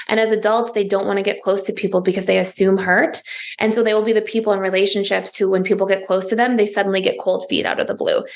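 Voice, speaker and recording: A woman's voice: medium pitch, gravelly. A woman therapist, a podcast guest, explaining ideas fluently with everyday examples and a lot of "like". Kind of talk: explanatory interview talk.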